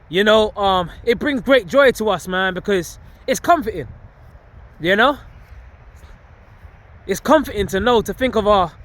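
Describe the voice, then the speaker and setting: A man's voice: high voice, fairly bright tone. A man preaching casually and emphatically while on a walk outdoors, with slang and frequent laughs. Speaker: street preacher vlogging. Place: outdoors on a walk among greenery.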